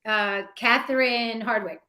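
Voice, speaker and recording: A woman hosting an interview show, telling candid stories in a casual, expressive way and laughing often. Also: a little high, a little slow. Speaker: show host.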